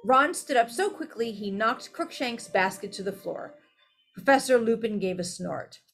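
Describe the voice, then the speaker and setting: Woman, storybook narration, expressive, mid-pitched, occasional self-corrections, faint music underneath. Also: a little slow, gravelly. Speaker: audiobook reader.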